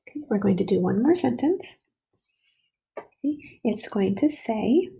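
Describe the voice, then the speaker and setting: A woman teaching an early-grade spelling and writing lesson, slowly and patiently sounding out letters and words for young children. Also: mid-range voice, expressive, creaky, warm tone, slightly rough, low-quality recording.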